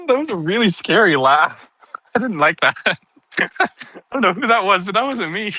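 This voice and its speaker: A man's voice: high voice, sharp tone, poor audio. A sleepy man streaming casual chat to his viewers, giggling often between sentences and turning playfully dramatic.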